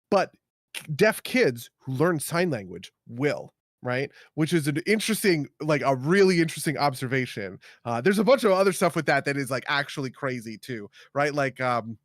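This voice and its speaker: With a fairly high-pitched voice captured in clean studio sound free of room noise, an American man co-hosts a casual podcast. He rambles, uses many fillers, and keeps adding "right?" to his points.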